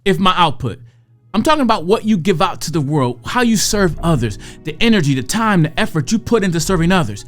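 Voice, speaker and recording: A woman giving a motivational talk to parents and educators, conversational, slowing down to draw out key phrases. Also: fairly low pitch, sing-song, soft background music.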